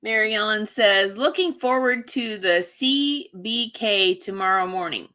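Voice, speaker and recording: A woman's voice: medium pitch, unhurried, pushed and bright. A woman hosting a casual livestream, chatting bubbly with viewers and reading their comments. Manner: bubbly, chatty, laughs often. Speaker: livestream host.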